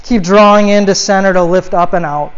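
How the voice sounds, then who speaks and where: A woman guides a yoga class in a calm, unhurried voice of middling pitch. She drifts into easygoing, chatty asides full of "like"s. The recording sounds dull and lo-fi. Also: a little hiss or hum. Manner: calm cueing with casual asides, many "like"s. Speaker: yoga teacher.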